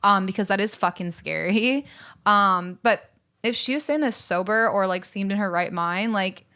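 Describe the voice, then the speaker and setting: A woman's voice: medium pitch, normal speed, bright, forceful tone, smooth. A young woman co-hosting a podcast, chatting casually, laughing often and swearing freely. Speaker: podcast co-host. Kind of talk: casual chat.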